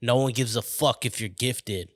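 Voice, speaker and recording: A man hosting his own podcast, talking in a loose, rambling way that keeps drifting into tangents. He swears freely and keeps checking in with the listener. His voice sits at an ordinary pitch and sounds close and dry, with no room echo. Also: moderate pace. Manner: rambling, off on tangents, swearing, often saying "you know what I mean". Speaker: podcast host. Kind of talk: casual podcast chat. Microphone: studio mic on camera.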